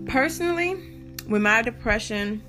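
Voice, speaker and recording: A young woman talking candidly to her viewers in a casual vlog, interrupted now and then by hiccups. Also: mid-range voice. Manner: candid, talks straight to viewers. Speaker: vlogger. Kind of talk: casual talk to camera.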